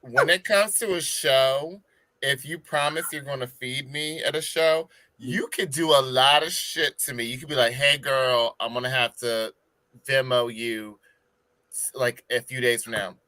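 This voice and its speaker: A man's voice: medium pitch, steady tone, a little slow, pushed and bright, no room sound, rough recording. A man from Maryland, a guest drag performer, chatting on a podcast and telling sassy stories with put-on voices. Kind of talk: casual podcast chat.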